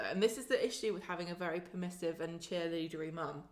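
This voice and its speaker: A woman in casual chat, recapping a soap and acting out characters' lines in quick voices. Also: on the low side. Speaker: podcast co-host.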